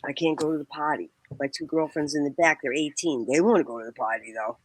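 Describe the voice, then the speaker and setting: A woman's voice: low-pitched, fast, a little hiss or hum. A woman guest telling a rambling, profane story in casual chat, laughing often and acting out the people she quotes. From Boston area. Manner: laughs often, swears, acts out quoted voices.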